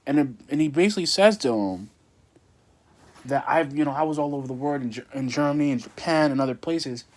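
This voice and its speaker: A man's voice: on the high side, a little fast. A young man casually recapping a wrestling show, rambling with many fillers and restarts.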